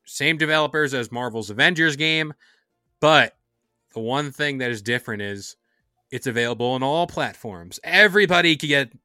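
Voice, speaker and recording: Bright smooth guy hosting a gaming podcast, playful, dry close mic. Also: mid-range voice, no room sound, soft background music. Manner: upbeat, playful, quick asides. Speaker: podcast host. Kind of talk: casual gaming podcast chat.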